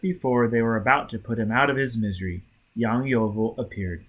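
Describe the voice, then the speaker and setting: A man narrating an audiobook in a lively, dramatic reading. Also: medium pitch, a little fast. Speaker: audiobook reader.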